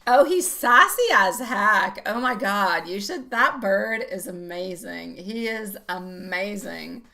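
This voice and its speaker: A woman reading tarot live for her audience, her voice bright and forward. She talks in a loose, chatty way, full of pet names and easy laughter, as if catching up with friends. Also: mid-range voice, lively intonation, takes it slowly. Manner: chatty, affectionate, laughs often. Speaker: tarot reader.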